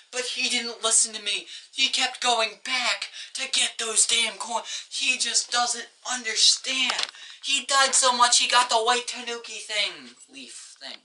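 A woman's voice: on the high side, unhurried, bright, forceful tone, far from the mic, a little hiss or hum. A young woman pleading in mock drama on a comedy video, recorded away from the mic. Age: teen or young. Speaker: youtuber. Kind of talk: comedic rant to camera.

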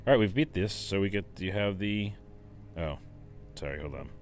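Deep-voiced let's play host, chatty and rambling, enthusiastic. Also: male voice, expressive, fast, faint music behind. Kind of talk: casual game commentary.

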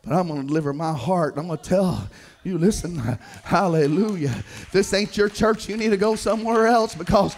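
A man preaches a Pentecostal sermon in a very high, gravelly voice. He drops to low mutters, then climbs into shouted, half-sung runs, repeating his phrases and throwing in hallelujahs. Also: normal speed. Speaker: pastor.

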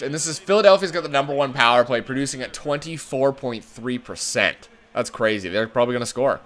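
Animated man calling a hockey video game. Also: medium pitch, brisk. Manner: excited play-by-play, swears when frustrated. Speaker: gaming channel host. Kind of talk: let's play commentary.

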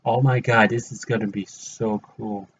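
A man's voice: lowish voice, steady tone, a little slow, husky. Gushing man on a dull lo-fi recording. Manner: gushing, repetitive, addresses viewers as fellow fans. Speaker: collector vlogger. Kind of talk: excited unboxing vlog.

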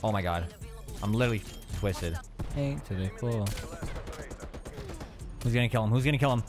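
A man hosting a casual gameplay video in a loud, upbeat, joking way. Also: fairly low pitch, expressive, normal speed, music in the background. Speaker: gaming YouTuber host.

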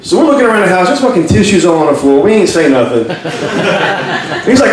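A man's voice: high-pitched, a little fast. A man doing a crude stand-up comedy set in a pub, acting out voices of the people in his stories. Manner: crude, animated, acts out voices. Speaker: stand-up comic. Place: crowded pub comedy stage. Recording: echoey room, distant mic, crowd.

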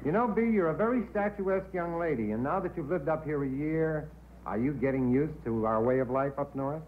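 A man's voice: fairly high pitch, fairly quick. A man hosting a comedy quiz show, joking and chatting with contestants. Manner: wisecracking, chatty. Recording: tinny old broadcast audio, faint hiss.

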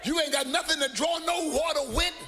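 A woman's voice: high voice, a little fast, sharp tone, faint music behind, voice pushed up. A preacher putting on a sassy, brassy woman at a well. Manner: brassy, mocking street talk.

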